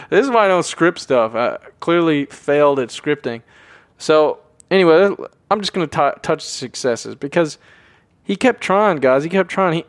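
A man's voice: fairly high pitch, dry recording. A man hosting his own show, talking off the cuff in a rambling, self-deprecating and emphatic way. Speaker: podcast host. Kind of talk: unscripted solo talk.

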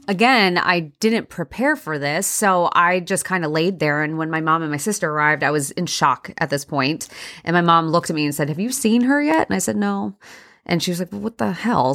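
A young woman speaks in a low register, recounting a personal story to her podcast listeners. She talks candidly and conversationally, with frequent ums and restarts. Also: a bit bright. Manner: candid, conversational, many fillers. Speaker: podcast host.

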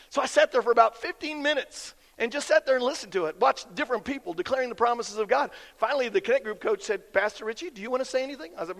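A man's voice: very high-pitched, fast, few pauses, a bit bright. A man preaching a sermon as pastor, folksy and emphatic, repeating key lines for effect. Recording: long reverb of a big hall.

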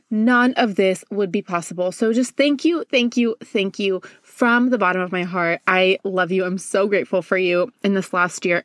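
A woman's voice: medium pitch, no room sound, clean studio sound. A woman in her twenties hosting her own podcast, talking casually and effusively from a closet at home. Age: 20s. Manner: effusive, upbeat, heartfelt. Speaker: podcast host. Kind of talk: casual solo podcast talk.

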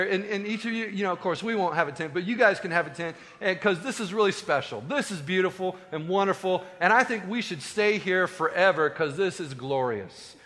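A preacher doing a gushing disciple man, begging, raised voice, bright tone. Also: high-pitched, long reverb tail, pitched above the performer's own voice. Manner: gushing, pleading, overexcited. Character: eager pleading male disciple, excitable adult man.

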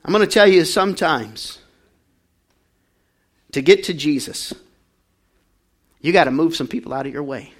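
A man pastor preaching a sermon, calling on the congregation to answer back and swinging from quiet talk to loud shouting. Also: fairly high pitch, lively intonation, moderate pace, long pauses.

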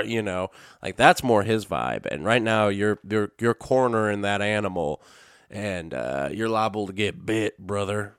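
A man's voice: on the low side, animated, measured pace, fairly bright tone, clean tone, no room sound, clean studio sound. A man hosting his own podcast, talking casually and sarcastically in a rambling way, with sudden silly outbursts. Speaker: podcast host. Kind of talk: casual solo commentary.

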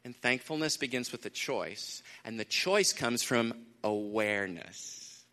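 A man preaching a sermon in a conversational way, repeating phrases for emphasis, with lively asides. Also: medium pitch, measured pace. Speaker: pastor. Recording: long hall reverb.

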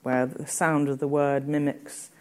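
Low, mellow woman giving a poetry lecture. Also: level tone. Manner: reads verse quotations slowly and deliberately between explanations; frequent ums, conversational explaining. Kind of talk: literature lecture.

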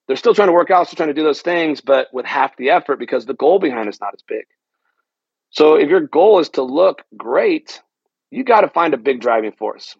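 A man's voice: mid-range voice, vocal fry, breathy edge, no room sound, dull audio. A middle-aged man hosting a solo health podcast, talking in an earnest, reflective and motivational way. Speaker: podcast host.

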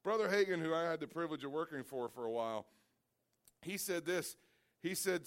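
Animated preacher man with a higher voice. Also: brisk. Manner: storytelling, acts out characters with loud high cries; repeats and restarts words. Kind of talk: sermon.

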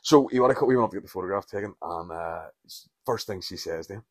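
A man's voice: deep voice, quick pace, no room sound. A Northern Irish man around forty, hosting a podcast alone and rambling through stories, swearing and laughing often. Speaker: podcast host. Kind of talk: casual solo podcast rambling.

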